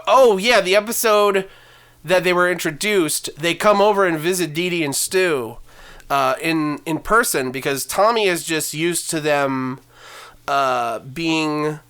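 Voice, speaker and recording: Bright, slow-talking podcast co-host. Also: smooth. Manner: laughs a lot, swears, slips into squeaky old-man impressions. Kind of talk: casual chat.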